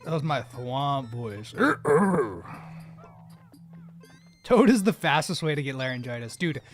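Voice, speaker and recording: Streamer dude riffing live, kinda high voice, laughs a lot, faint music behind. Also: male voice, fairly bright tone. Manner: jokey, rambling, quick to laugh, tries out voices. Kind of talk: casual live-stream chat while gaming.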